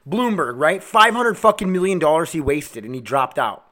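A man hosting a solo podcast, ranting angrily with constant swearing, swinging between shouted outbursts and low mutters. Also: big pitch swings, normal speed. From United States. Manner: angry, swearing constantly, heated. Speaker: podcast host.

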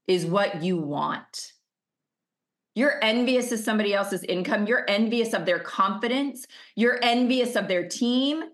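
A middle-aged woman coach giving an emphatic motivational masterclass over a video call, stacking up rhetorical questions. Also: fairly high pitch. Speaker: business coach.

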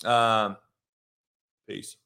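A man hosting a live morning stream, ranting profanely and confrontationally, mocking and shouting at his chat. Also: on the low side, level tone, very slow, gravelly. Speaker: live show host. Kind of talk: brash live-stream rant.

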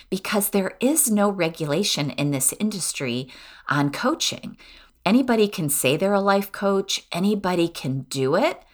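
Low-voiced woman podcast host. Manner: chatty, earnest, self-deprecating. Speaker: podcast host and life coach. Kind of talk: solo podcast talk.

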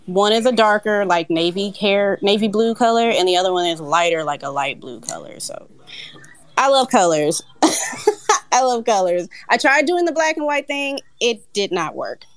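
A woman talking as a guest comic artist in casual chat, animated and laughing often. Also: medium pitch, moderate pace, clean tone.

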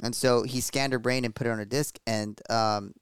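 A man co-hosting a podcast, calmly summing up a film's ending with fillers. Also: medium pitch, moderate pace, smooth, no echo, clean studio sound. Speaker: podcast co-host. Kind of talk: casual chat.

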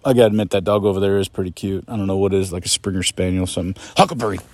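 Rambling joking man, low dry voice. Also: little pitch movement, very fast, darkish tone, dry recording. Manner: joking, self-mocking, scolds his dog. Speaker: podcast host on the road. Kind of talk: casual rambling monologue. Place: outdoors at a campsite in a state park.

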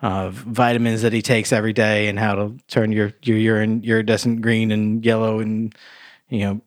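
A man's voice: lowish voice, level tone, normal speed, no room sound, clean studio sound. A man co-hosting a podcast, chatting casually about a movie, rambling with frequent laughter and swearing. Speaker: podcast co-host. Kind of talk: casual movie review chat.

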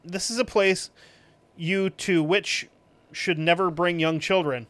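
A man hosting a podcast, reading reviews aloud with sarcastic, profane, deadpan asides. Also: high-pitched, slow, dry recording. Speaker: podcast host.

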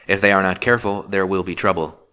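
A man reading the part of a passionate older magistrate who speaks harshly and forcefully. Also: deep voice, steady tone, fast, smooth. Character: passionate older male magistrate, gruff and stern.

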